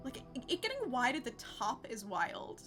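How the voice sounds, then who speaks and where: A woman's voice: fairly high pitch, huge pitch swings, moderate pace, a bit bright, faint music behind. A young woman streaming a game, chatting casually with her viewers and laughing often. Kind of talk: casual live-stream chat.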